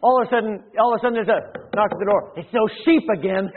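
A man's voice: high-pitched, fast. Tinny-sounding preacher man. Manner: preaching with sudden swells in volume and many restarts. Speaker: pastor. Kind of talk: sermon.

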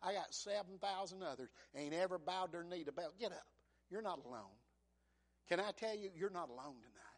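A middle-aged male pastor preaching a sermon, swinging from hushed whispers to loud, dramatic peaks. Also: high voice, lively intonation, fairly quick.

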